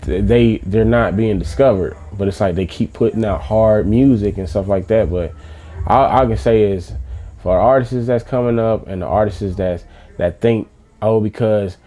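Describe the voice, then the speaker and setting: A man speaks in a low, mellow voice. He talks loosely and emphatically as an interview guest, full of slang and restarts. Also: normal speed. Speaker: interview guest, music manager. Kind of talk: casual interview talk.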